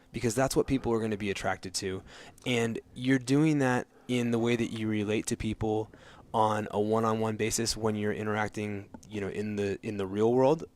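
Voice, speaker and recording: Earnest lower-voiced man co-hosting. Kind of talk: casual chat.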